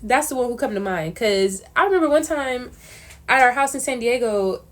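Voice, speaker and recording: A young woman answering questions in a casual vlog, telling stories in an animated, slangy way. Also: fairly high pitch, normal speed. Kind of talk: casual chat.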